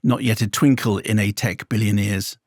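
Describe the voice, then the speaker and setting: A man's voice: lowish voice, steady tone, moderate pace, no room sound. A man co-hosting a chat show, reading out listener emails with dry, teasing banter. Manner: dry, teasing, reads letters aloud.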